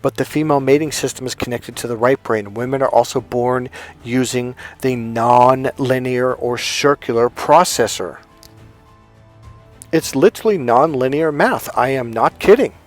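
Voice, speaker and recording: A man of middle pitch talks as a dating coach, telling a story straight to the camera. His delivery is blunt and emphatic, with casual swearing along the way. Soft music plays faintly behind him. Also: moderate pace.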